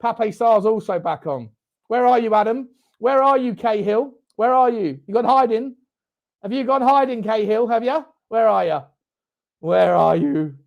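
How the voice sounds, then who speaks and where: Excitable high-voiced football fan. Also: male voice, a little slow, creaky, lo-fi sound. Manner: excitable, swearing, shouting at the game. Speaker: fan channel host. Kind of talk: live match watchalong commentary.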